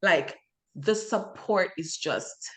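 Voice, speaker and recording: A woman's voice: fairly low pitch, slow pace, a bit bright. Young woman co-host, earnest and impassioned, casual talk. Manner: earnest, impassioned, many fillers. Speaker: podcast co-host. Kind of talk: casual chat.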